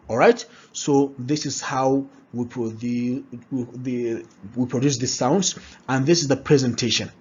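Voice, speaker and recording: Slow, husky man teaching pronunciation. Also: medium pitch. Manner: repeats words slowly, checks in with "all right?". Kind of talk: slow, drilled pronunciation lesson. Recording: dull lo-fi recording.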